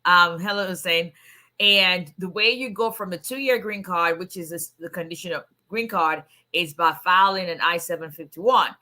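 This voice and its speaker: Hoarse chatty woman attorney. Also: fairly low pitch, moderate pace, pushed and bright. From immigrant to the US. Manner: chatty, greets viewers by name. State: hoarse, voice nearly gone. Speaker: immigration attorney. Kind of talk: casual livestream chat.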